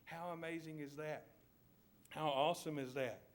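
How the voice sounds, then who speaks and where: A man's voice: fairly high pitch, steady tone, moderate pace. A man with a Southern US accent preaching a sermon in church, telling a story vividly and asking his listeners to picture each scene.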